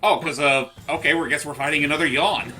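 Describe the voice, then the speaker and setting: Fast-talking man explaining game bits. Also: a little high, bright, forceful tone, a little hiss or hum, low-quality recording. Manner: quick, offhand, explains game details. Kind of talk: casual game commentary chat.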